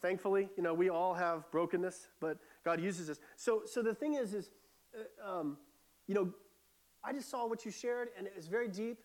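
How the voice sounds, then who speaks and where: A man's voice: high voice, moderate pace. A middle-aged man preaching a sermon in an earnest, conversational way, often restarting his sentences.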